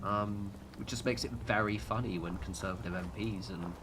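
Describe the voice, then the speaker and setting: A man's voice: fairly low pitch, steady tone, moderate pace, background noise. A British man chatting casually while livestreaming a game, rambling and sweary, with lots of fillers and restarts. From United Kingdom. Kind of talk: casual gaming livestream chat.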